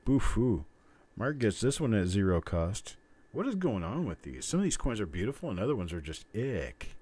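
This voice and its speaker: Host type, middle-aged man, low and animated, chatty, rambling, quick to chuckle. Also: breathy edge. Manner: rambling, joking, chuckles often. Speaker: host of coin roll hunting livestream. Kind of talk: casual live-stream chat.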